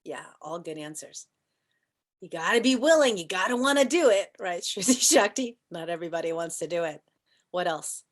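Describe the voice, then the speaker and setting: A woman's voice: lowish voice, lively intonation, normal speed. Woman running an online yoga class, chatty, playful, asks the class questions. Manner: soft chanting and whispering at times. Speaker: yoga teacher.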